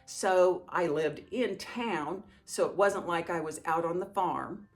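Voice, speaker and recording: A woman's voice: on the low side, slow pace, soft background music. A middle-aged woman who hosts a home organizing channel, chatting casually and reassuringly through viewer questions. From small town. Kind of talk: casual Q&A talk to camera.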